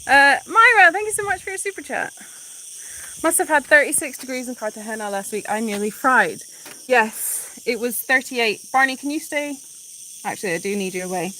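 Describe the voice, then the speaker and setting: A woman's voice: high-pitched, normal speed, poor audio. A woman hosting a live stream from a rural animal sanctuary, chatting casually, laughing often and breaking off to talk to the animals while she walks with her phone. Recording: loud outdoor wind noise. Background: wind and animals.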